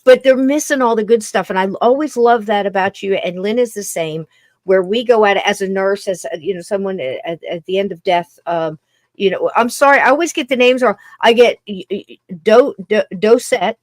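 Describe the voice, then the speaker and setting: A woman's voice: medium pitch, a little fast, no echo. A woman hosts a podcast in loose, chatty conversation. She rambles and stumbles over her own words. Her voice sits mid-range and sounds dry and close. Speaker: podcast host. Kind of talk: casual conversation.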